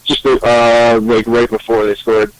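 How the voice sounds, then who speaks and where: Slow, flat-voiced hesitant man. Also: medium pitch, no echo, low-quality recording. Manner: hesitant, halting, full of fillers. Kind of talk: casual chat.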